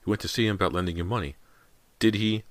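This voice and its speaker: A man's voice: fairly low pitch, quick pace, no room sound, pitched above the performer's own voice, close to an everyday voice. A man voicing a teenage girl who keeps pressing with insistent questions. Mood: demanding.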